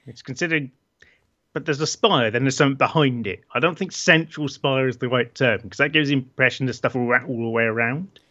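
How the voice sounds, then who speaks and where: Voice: mid-range voice, a little fast, sharp tone. A co-host throwing in casual, joking commentary with dry, wry asides. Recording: dull lo-fi sound.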